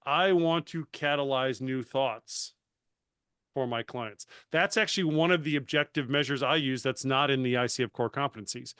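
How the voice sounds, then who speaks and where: A man and coach talking casually on a panel, animated and self-deprecating, often restarting his sentences. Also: mid-range voice, normal speed, smooth, no room sound, studio quality. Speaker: master certified coach.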